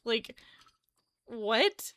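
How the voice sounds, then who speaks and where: A woman's voice: a little high, big pitch swings, extremely slow, fairly bright tone, no echo. A woman in her twenties chatting casually on a live stream, rambling and correcting herself as she goes. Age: 20s. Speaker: live streamer and game developer.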